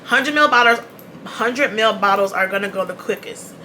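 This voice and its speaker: A woman's voice: medium pitch, normal speed, sharp tone, a little hiss or hum. A woman hosting her own channel, chatting casually to the camera, repeating her key points and laughing often. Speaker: beauty channel host.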